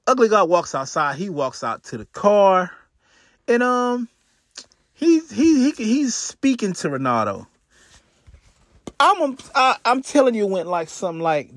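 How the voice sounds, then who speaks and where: A man's voice: high-pitched, no echo. A man hosting a podcast, retelling a crime story in a casual, profane way with lots of restarts and asides, on a close mic. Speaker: podcast host.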